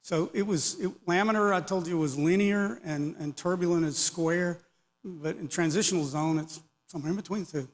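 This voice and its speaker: Recorded with long reverb in a hall, a middle-aged or older man delivers a casual technical talk at a conference. His voice is high-pitched and his speed normal, and he rambles while tossing in joking asides.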